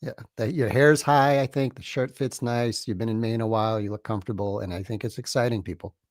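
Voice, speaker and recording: A man's voice: on the low side, fairly even intonation, a little fast, no room sound, studio quality. A man chatting from off camera as the show's producer, making wry asides. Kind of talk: casual chat from off camera.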